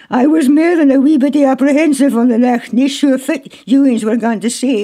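A woman's voice: high voice, fairly even intonation, normal speed. A woman with a North-East Scots accent who hosts a radio show and chats effusively with her guests. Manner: warm, effusive. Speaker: radio host. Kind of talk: casual chat.

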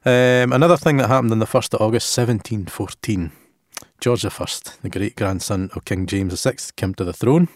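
A Scottish man chatting casually on a radio show, halting and restarting as he tells local lore in Scots words. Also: on the low side, no room sound, clean studio sound.

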